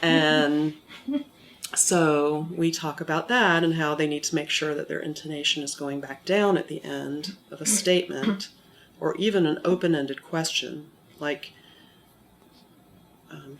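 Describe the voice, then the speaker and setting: An accent modification instructor explaining in an interview, in a measured, teacherly way, sounding a little monotone from a recent cold. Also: mid-range voice, a little hiss or hum. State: recovering from a cold, somewhat monotone.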